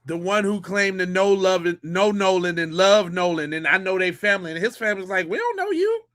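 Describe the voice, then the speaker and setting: A man's voice: high-pitched, steady tone, brisk, fairly bright tone. A man hosting a podcast, a former police officer giving slangy, incredulous reaction commentary.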